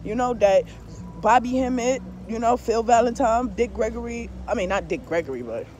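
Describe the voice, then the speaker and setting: Here the same kind of speaker, a female tarot reader and spiritual vlogger, has a fairly high, somewhat mellow voice at a moderate pace, with a faint hiss or hum in the audio. She rambles casually and bluntly, swearing constantly as filler, laughing often and drifting into asides.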